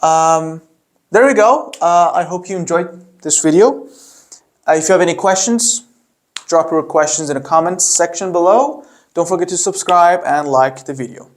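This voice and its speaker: Young guy explaining basics slowly, bit high voice, lots of uhs. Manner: patient, explains with many fillers. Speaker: French teacher. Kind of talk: casual online lesson.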